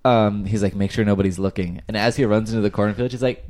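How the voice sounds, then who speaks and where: Joking low-voiced young man. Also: fast, crowd noise. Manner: jokey, acts out quotes in mock voices. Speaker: podcast co-host. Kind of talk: casual movie review chat.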